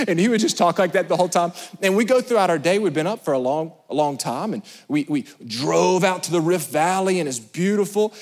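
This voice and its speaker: A man preaching a sermon as pastor, animated and storytelling, swinging between loud emphasis and hushed asides. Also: sits high, fairly quick, hardly any pauses. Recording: long hall reverb.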